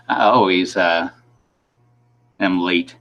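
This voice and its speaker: Rambling man with a low voice. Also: a bit bright, dull audio. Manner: rambling, laughs between sentences. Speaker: host of a livestream. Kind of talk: casual chat.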